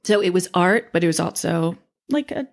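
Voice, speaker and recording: A woman's voice: lowish voice, animated, normal speed, creaky. A woman co-hosting a casual podcast, reading a transcribed story aloud and laughing easily. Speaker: podcast co-host.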